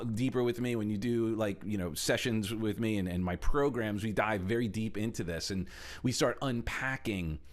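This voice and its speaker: A middle-aged man giving a motivational talk as a coach, animated and acting out little quotes as he explains. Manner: animated, shifts pitch a lot for emphasis, acts out quotes. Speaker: speaker and coach.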